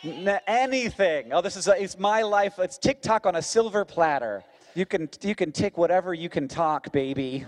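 An American man from Florida co-hosting a podcast in casual, animated chat, laughing often. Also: moderate pace. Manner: animated, laughs often, swings into high exclaims. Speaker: podcast co-host.

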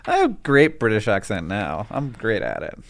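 A man's voice: wildly swooping pitch, normal speed, creaky. Man, forties, podcast co-host, playful, jokey delivery, casual chat. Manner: playful, jokey, pitch jumping up for emphasis. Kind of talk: casual chat with comic sponsor reads.

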